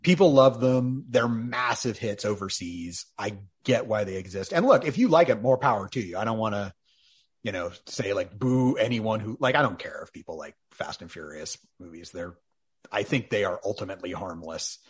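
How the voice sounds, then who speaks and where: A man's voice: on the low side, animated, moderate pace, breathy edge. A man co-hosting a podcast in casual chat, wry and sarcastic, often laughing at his own jokes. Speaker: podcast co-host.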